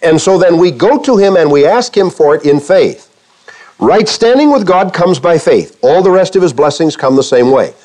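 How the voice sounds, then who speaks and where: Lively, higher-voiced preaching pastor. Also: male voice, normal speed. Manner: animated preaching with rhetorical questions to the congregation; acts out quoted speech for humor. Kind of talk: sermon. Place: church before a congregation.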